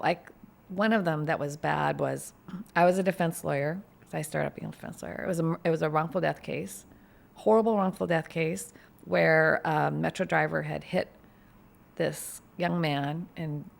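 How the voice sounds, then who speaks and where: A woman lawyer co-hosting a podcast, telling stories in an animated, vivid way. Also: sits low, vocal fry. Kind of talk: casual storytelling chat.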